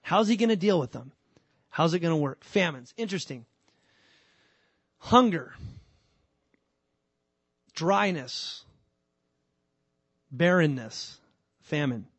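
Animated pastor guy preaching, highish voice, dry close sound. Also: slow pace, pauses often, slightly rough, no echo. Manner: animated, acts out voices of God and his kids. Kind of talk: sermon.

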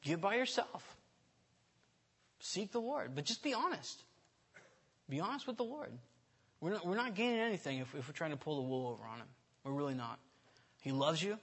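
A man delivers a relaxed, conversational sermon with a slightly raised, husky voice. His tone is bright and forward. He is candid and self-deprecating, often restarting mid-sentence. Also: on the high side, normal speed, pauses often. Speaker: preacher. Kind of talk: informal sermon.

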